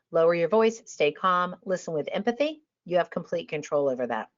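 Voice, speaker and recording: A woman giving a passionate, emphatic talk to travel advisors, sometimes dropping to a calm, quiet voice. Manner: energetic and emphatic, drops to a calm low voice to demonstrate. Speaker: industry trainer on a webinar panel. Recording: dull lo-fi online audio.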